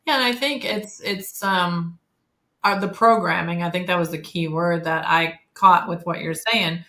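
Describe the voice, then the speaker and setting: A woman in her fifties appears as a guest on a casual podcast interview, talking candidly and chattily with plenty of fillers and self-corrections. Her voice is on the low side, unhurried, bright and forceful, and the room is echoey.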